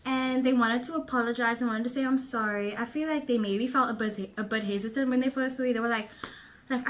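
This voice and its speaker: A woman's voice: fairly high pitch, fast talker, slight background noise. Breathless, chatty young woman reading tarot. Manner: chatty, rambling, with many fillers and giggles. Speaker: tarot reader and vlogger.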